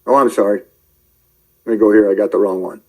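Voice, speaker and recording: A man preaching in a rambling commentary, shouting angry tirades at his listeners and then muttering to himself as he browses his screen. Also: lowish voice, steady tone, fairly quick, vocal fry, low-quality recording. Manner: addresses listeners directly, calling out believers. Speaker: online preacher.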